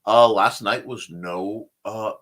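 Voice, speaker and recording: Speaking slowly in a lowish, somewhat bright voice, the host of a creative talk show runs a casual livestream. He rambles enthusiastically as he responds to comments from viewers.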